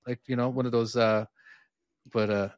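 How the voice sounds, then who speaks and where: A man's voice: mid-range voice, little pitch movement, moderate pace, clean tone, no echo, studio quality. A man with an Irish accent, co-hosting a podcast in casual chat, rambling and starting his sentences over. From Ireland. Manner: rambling, restarts often, chuckles easily. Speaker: podcast co-host.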